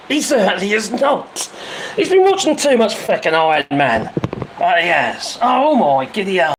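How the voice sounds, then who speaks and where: A man's voice: sits high, very animated, a little slow, noisy background. A middle-aged man hosting a casual livestream, rambling, exclaiming and often laughing and swearing. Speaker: livestream host.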